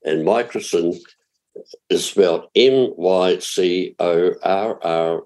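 A man's voice: low voice, slow, a little mellow. An older man with a New Zealand accent giving chatty gardening advice on a radio talk show, explaining steps patiently and spelling words out. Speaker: gardening expert.

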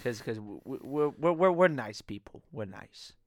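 A man's voice: medium pitch, animated, normal speed, no echo. A man co-hosting a casual podcast, joking, swearing and stumbling over his words. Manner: joking, swears, stutters on restarts. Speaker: podcast co-host.

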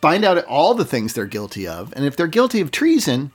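A man chatting on a podcast, opinionated and wry. His pitch moves a lot from line to line, and the sound is fairly clean. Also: wildly swooping pitch, brisk, breathy edge. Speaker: podcast co-host. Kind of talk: casual chat.

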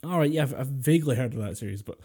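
A man's voice: mid-range voice, expressive, racing, warm tone, slightly rough. A Scottish man co-hosting a podcast, telling jokey stories with swearing and fillers over a voice chat call. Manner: swearing, joking storyteller with many fillers. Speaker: podcast co-host. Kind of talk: casual chat. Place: home, remote voice call. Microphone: computer mic over a voice chat call.

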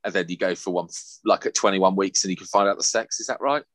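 A young man, casually telling a lively, sweary story on a podcast. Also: sits low, fast, no room sound. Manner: animated, sweary, laughing anecdote-telling. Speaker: podcast host.

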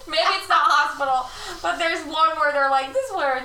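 A woman's voice: high-pitched, normal speed, sharp tone. A woman co-hosting a casual true-crime podcast, bubbly and laughing often as she goes off on tangents. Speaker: podcast co-host. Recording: roomy, distant mic, faint noise.

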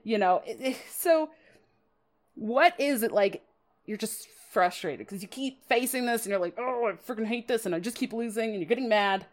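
A woman's voice: mid-range voice, lively intonation, normal speed. A woman hosting a podcast, chatting casually and laughing at herself. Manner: chatty, self-deprecating, laughs often, dramatic quoted asides. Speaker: podcast host. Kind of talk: casual podcast talk about card game strategy.

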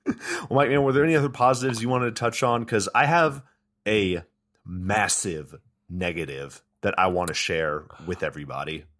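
A man's voice: lowish voice, normal speed, a bit bright. A man co-hosting a casual movie review podcast, ranting in mock outrage and swearing. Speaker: podcast co-host.

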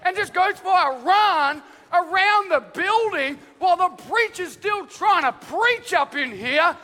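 High, bright-voiced pastor preaching in a hall. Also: male voice, unhurried. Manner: animated storytelling with acted-out voices. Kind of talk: sermon. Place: large church hall. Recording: live church hall reverb.

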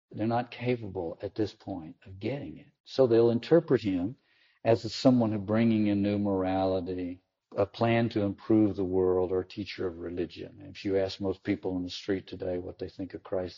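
Man, preacher type, husky and gravelly, does voices for quotes; muffled lo-fi audio. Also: warm tone. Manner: acts out quoted lines with sudden high pitch. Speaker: Catholic teacher or preacher. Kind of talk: reflective sermon-style talk. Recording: dull lo-fi recording.

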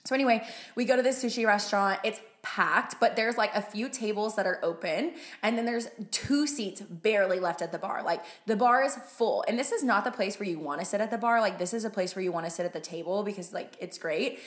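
A woman's voice: mid-range voice, a little fast. A young woman in casual chat, telling a story with lots of "like" and casual swearing. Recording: roomy echo.

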